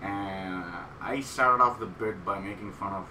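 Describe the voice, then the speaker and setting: A man's voice: lowish voice, unhurried. Guy rambling thru a story, laughs a lot, sounds far off in an echoey room w/ noise. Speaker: comedian telling a story. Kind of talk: casual chat. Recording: roomy, distant mic with background noise.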